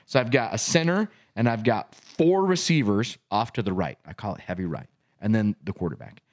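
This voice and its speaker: Lively storytelling podcast man. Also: fairly low pitch, a little fast. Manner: acts out his own yelling in loud quoted bursts. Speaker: podcast co-host and youth football coach. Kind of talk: casual chat, animated storytelling.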